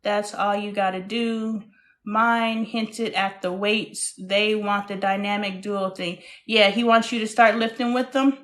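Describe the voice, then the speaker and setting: A woman in her thirties chats casually on her own livestream. Her voice sits at a mid pitch, and she tells stories in an animated, talkative way with playful exclamations. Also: unhurried. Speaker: host.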